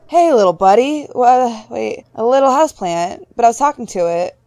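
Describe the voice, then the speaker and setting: A woman's voice: on the high side, lively intonation, a little fast, hardly any pauses, a little mellow, no echo. Chatty young woman playing a horror game. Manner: chatty, jumpy, talks to objects on screen. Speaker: gaming YouTuber. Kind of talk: horror game let's play.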